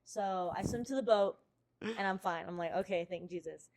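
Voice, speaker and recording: A young adult woman from the United States hosts a podcast, telling a story casually in a mid-range, darkish voice with vocal fry at normal speed. She swears constantly and acts out her own quotes.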